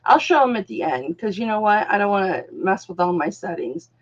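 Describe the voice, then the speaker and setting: Mid-range in pitch with big swings and a fairly quick pace, this woman runs a live-streamed jewelry auction. She keeps the selling chat casual, addressing viewers as darling, honey and doll, over dull lo-fi audio.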